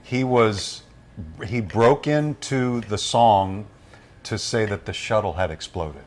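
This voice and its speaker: Interview guest: middle-aged radio voice man, rambling storyteller, lowish voice. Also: takes it slowly, a little mellow. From Louisiana, USA. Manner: chatty, rambling with frequent restarts. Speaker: radio voice-over artist, guest.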